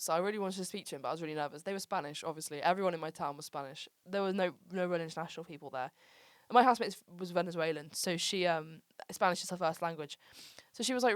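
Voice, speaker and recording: A podcast host in her twenties from England tells stories in a casual chat, her speech full of "like" and "um." Her voice sits lowish, and the recording is studio quality with no room sound.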